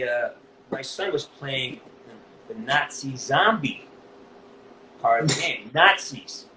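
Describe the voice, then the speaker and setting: In an echoey room with faint background noise, a man who voices a game character recounts an emotional story during a casual interview. His voice sits in the mid range and is a bit bright, and he swears freely and restarts often.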